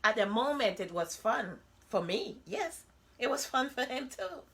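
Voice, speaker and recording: A woman's voice: fairly high pitch, expressive, measured pace, fairly bright tone. A woman, talking bluntly and candidly in a personal vlog monologue, full of rhetorical asides. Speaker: vlogger.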